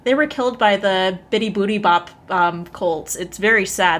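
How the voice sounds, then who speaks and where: A woman co-hosting a podcast in casual comedic chat, making dry, deadpan jokes. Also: medium pitch, a little fast. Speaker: podcast co-host.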